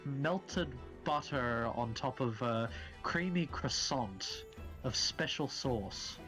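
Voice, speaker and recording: A man's voice: mid-range voice, expressive, slow pace, fairly bright tone, faint music behind. A man joining a stream by voice chat, rambling in a playful, casual way. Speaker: stream guest.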